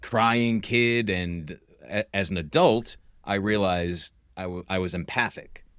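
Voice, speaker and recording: A man's voice: deep voice, measured pace, a bit bright, clear, resonant tone, no echo, clean studio sound. A middle-aged man hosting a podcast, asking open, searching questions and sharing his own experience. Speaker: podcast host. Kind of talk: podcast interview.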